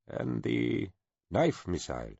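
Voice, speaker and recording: A man's voice: mid-range voice, very animated, slow, vocal fry, a little mellow, husky, no echo, dull audio, pitched above the performer's own voice, exaggerated voice. A man doing a fidgety, apologetic envoy. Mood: awkward. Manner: hesitant, apologetic. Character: nervous bashful middle-aged male ship envoy.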